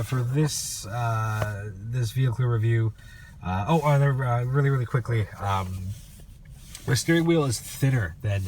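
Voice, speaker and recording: Deep-voiced man, nasal with a cold. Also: darkish tone, slight background noise. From Canada. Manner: rambling, many fillers and restarts. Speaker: car reviewer. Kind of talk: casual car review.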